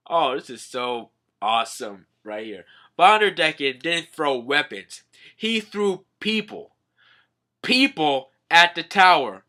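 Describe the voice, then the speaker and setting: Excitable young man recapping a comic. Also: fairly high pitch, slow pace. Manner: excitable, profane, slangy. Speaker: manga recap host.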